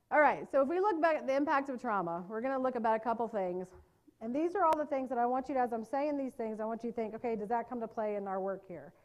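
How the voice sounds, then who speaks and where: Woman running a training workshop, kinda high voice, chatty and lively, keeps asking the room stuff. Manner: lively, conversational, checks in with tag questions. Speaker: trauma-informed care trainer. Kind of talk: live workshop lecture.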